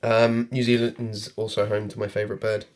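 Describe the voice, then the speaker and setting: A man's voice: lowish voice, completely flat delivery, moderate pace. A British man co-hosting a casual podcast, talking bluntly and swearing freely. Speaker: podcast co-host. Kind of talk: casual chat.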